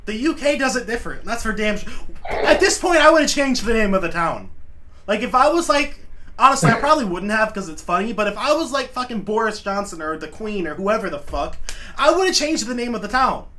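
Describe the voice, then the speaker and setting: American reaction host, male, animated and high-voiced, profane, light background noise. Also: fairly quick. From United States. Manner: laughs often, swears, loose and animated. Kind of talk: casual reaction chat.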